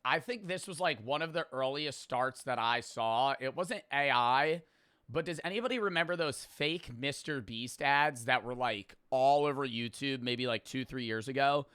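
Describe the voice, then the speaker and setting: A man's voice: mid-range voice, normal speed, fairly bright tone, clean tone, no echo. A young man streaming, giving casual, profane reaction commentary full of slang and laughing asides.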